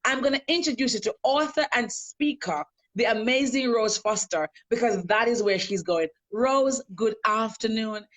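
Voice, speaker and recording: A woman's voice: fairly high pitch, moderate pace, few pauses, fairly bright tone. Brief: woman life coach, earnest and emphatic, hosting a live stream from home.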